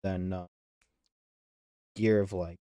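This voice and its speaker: A man's voice: low-pitched, level tone, slow pace, dark tone, clean tone, no room sound, studio quality. A man streaming a game live, reading its dialogue aloud and chatting between lines, easily sidetracked.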